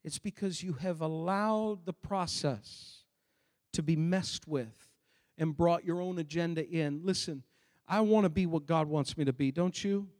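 A pastor preaching a sermon, moving between quiet asides and loud, emphatic declarations. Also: male voice, fairly high pitch, unhurried. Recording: long reverb of a large hall.

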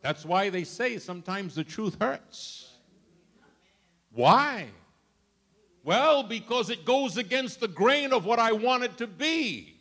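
An older man, a grandfather, preaching a sermon with dramatic storytelling that swings from loud outbursts to hushed asides. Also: high voice, expressive, takes it slowly. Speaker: pastor.

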